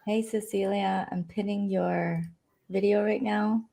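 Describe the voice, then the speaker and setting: A woman's voice: medium pitch, fairly even intonation, measured pace, gravelly, dark tone. A woman hosts a live interview over a video call, talking in a loose, rambling way full of fillers. Her voice is wearing thin, as she says she has nearly lost it. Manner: chatty, rambling with many fillers. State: losing her voice. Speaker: host.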